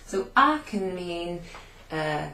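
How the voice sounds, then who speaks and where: Slow, patient woman teacher in an echoey room. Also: on the low side, very animated, pushed and bright. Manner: patient, explains slowly and repeats phrases; writes on a board while talking, turning away at times. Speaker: language teacher. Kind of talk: recap of a beginner Italian class. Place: classroom-like room with a whiteboard. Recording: echoey room, faint background hum.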